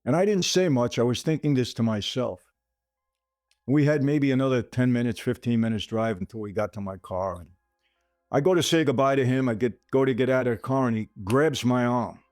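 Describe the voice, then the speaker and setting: A man's voice: mid-range voice, brisk, a little mellow, dry recording, studio quality. Man telling a story over faint music. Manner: speaks straight to listeners, calling them "people"; retells scenes by acting out quoted dialogue. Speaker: podcast host. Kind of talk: storytelling monologue.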